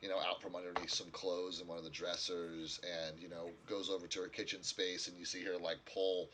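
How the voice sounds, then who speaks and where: A man's voice: low-pitched, flat delivery, a little fast, a bit bright, slight background noise. A man narrating as game master in a tabletop game, in a loose, rambling way, searching for words as he goes.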